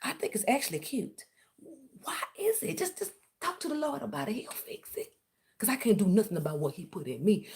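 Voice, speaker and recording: A woman's voice: on the low side, a little mellow. A woman hosting her own tarot channel who speaks, confronting a former client in a blunt, confrontational livestream rant full of swearing. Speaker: tarot reader and channel host. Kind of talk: heated livestream rant to viewers.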